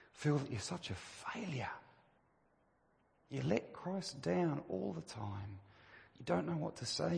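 In a church hall with long reverb, a man with a gravelly, slightly mellow, medium-pitched voice delivers a sermon. He is emphatic, poses many rhetorical questions, and lifts his voice to underline key phrases.

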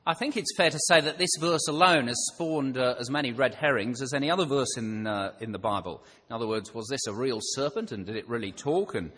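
A man delivers a sermon in an easy, conversational manner, posing rhetorical questions as he goes. His voice sits at an ordinary middle pitch. The sound carries the long reverb of a large church hall. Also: a little fast, few pauses, fairly bright tone, husky. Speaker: preacher.

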